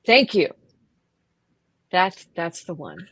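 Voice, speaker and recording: A woman's voice: lowish voice, wildly swooping pitch, slow, dry recording. A woman in casual podcast chat, laughing easily and searching for words as she talks.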